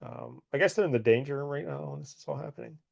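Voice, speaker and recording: A man's voice: a little high, quick pace, gravelly, breathy edge, lo-fi sound. A man co-hosting a podcast, casually retelling a comic book issue in an amused, rambling way with lots of filler words. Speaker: podcast co-host.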